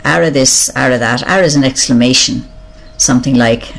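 Older irish speaker going through a word list, gravelly, slow and musing, kind of unsure sometimes. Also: medium pitch, a bit bright. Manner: slow, musing, reads each word aloud, then explains it or admits not knowing. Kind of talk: reading and explaining a word list.

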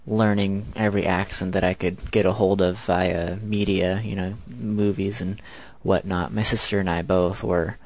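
Low-voiced 19-year-old American man. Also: dry recording. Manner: chatty, rambling. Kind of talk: casual spoken monologue.

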